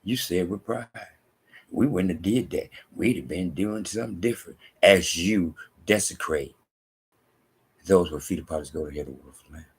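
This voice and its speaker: A man preaching slowly in a very deep, gravelly voice with a heavy husky rasp. He reads scripture and drives home his points by repeating them, sometimes sinking into hushed asides. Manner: repetitive, emphatic, drops to hushed asides. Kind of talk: preaching monologue.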